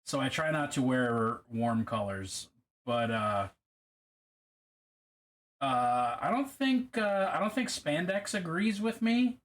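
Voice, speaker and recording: A man's voice: a little high, lively intonation, slow, fairly bright tone. A man casually chatting with his live-stream audience while painting miniatures, rambling, swearing and joking about himself. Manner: rambling, self-deprecating, profane.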